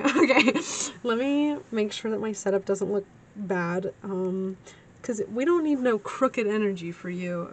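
A woman's voice: mid-range voice, lively intonation, takes it slowly, a little hiss or hum. A woman giving a casual tarot reading, chatty and giggly, calling her listeners honey. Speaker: tarot reader.

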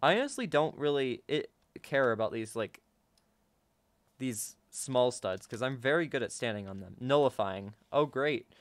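A young man casually commenting on his own gameplay to viewers, excitable and chatty, often gasping and laughing. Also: mid-range voice, normal speed, dry recording. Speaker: gaming YouTuber.

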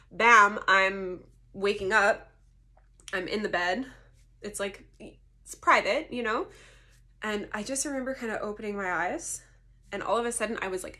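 A young woman vlogging, telling a personal story casually, laughing often and acting out the people she quotes. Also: medium pitch. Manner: animated, laughing, swearing, acts out quotes.

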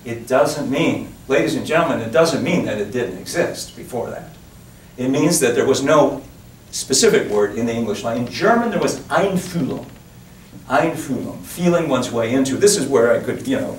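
A man's voice: mid-range voice, brisk. A man giving a public lecture, talking with digressions and emphatic asides to his audience in a lecture room. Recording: roomy, distant lecture-hall recording with faint noise.

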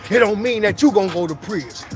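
A man with a fairly high voice delivers street-slang motivation in a rolling, repetitive preaching cadence. A clear music bed runs under his voice throughout. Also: lively intonation, fast talker. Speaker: motivational speaker.

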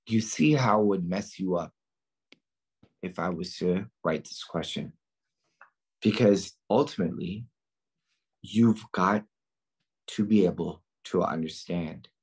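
Emphatic husky-voiced male tutor, slow delivery. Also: deep voice, darkish tone. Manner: emphatic, asks students questions and answers them himself. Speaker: nursing exam tutor. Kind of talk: lecture to students.

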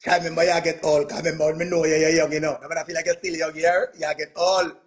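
A Jamaican music performer tells a boastful story in an animated, casual rant, dropping "man" and "yo" and laughing along the way. He speaks fast at a fairly high pitch.

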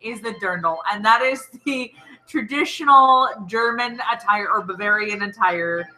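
A woman's voice: medium pitch, unhurried, pushed and bright, low-quality recording. A woman co-hosting a casual drinking show, chatty and laughing, teaching words in a teacherly way. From Ireland. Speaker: co-host.

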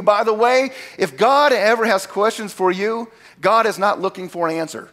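High-voiced preacher with lively swings. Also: male voice, fairly quick. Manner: animated, acts out God's lines with big swings in pitch and volume; conversational asides to the congregation. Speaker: pastor. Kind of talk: sermon.

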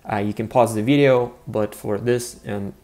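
A man's voice: fairly low pitch, steady tone, moderate pace, mellow. A man teaching a grammar lesson to viewers, chatty and full of "right?" and "uh" fillers. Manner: friendly, frequent "right?" and "uh" fillers. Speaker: Russian language teacher.

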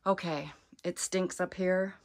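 A woman's voice: on the low side, steady tone, takes it slowly. Nervous woman exploring a hot abandoned attic. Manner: nervous, exclaiming, talks to camera and animals. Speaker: urban explorer vlogger. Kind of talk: hushed exploring vlog.

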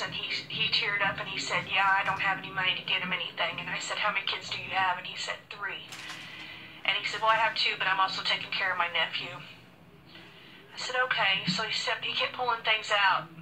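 A woman's voice: mid-range voice, low-quality recording. A woman earnestly recounting a personal story and quoting each exchange with "I said" and "he said". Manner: earnest, quoting dialogue with frequent "I said". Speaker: store worker telling a story.

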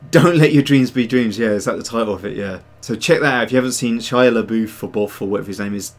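A man hosting a casual livestream and chatting with viewers. He rambles, restarts his sentences and leans on fillers. His voice sits at a middling pitch. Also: fast. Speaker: livestream host and digital sculptor.

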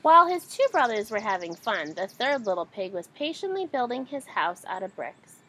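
A woman reading a children's story aloud in an animated, expressive way. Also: on the high side, normal speed, husky, rough recording. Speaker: storybook reader.

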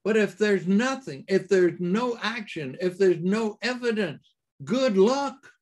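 A man preaching a sermon in a halting way, with many fillers and restarts and emphatic rises. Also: sits high.

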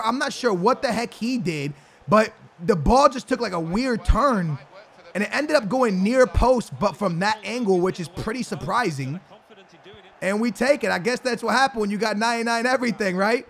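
A young man hosting a gaming video, talking through his match in slangy, rambling commentary and breaking into excited shouts on goals. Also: high voice, vocal fry. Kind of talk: live gameplay commentary.

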